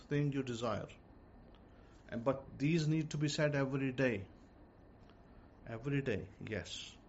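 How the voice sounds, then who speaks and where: A man giving informal religious teaching, repeating himself and speaking slowly and deliberately. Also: mid-range voice. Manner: repetitive, slow and deliberate when dictating words. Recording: dull lo-fi audio with faint noise.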